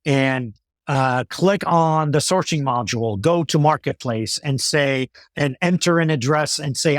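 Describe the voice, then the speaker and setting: A man in a business interview speaks in a slightly raised voice, pausing often on fillers and restarting sentences. The sound is dry and close. He explains things at length in a measured way. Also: on the high side, no room sound. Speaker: company executive guest.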